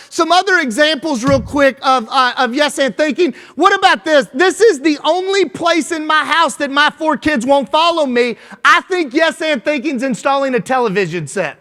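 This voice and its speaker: A man's voice: extremely high pitch, pushed and bright. A man with a Kentucky accent giving a folksy, joking conference keynote as a school superintendent, often asking "right?". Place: large conference hall. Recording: long hall reverb with faint music.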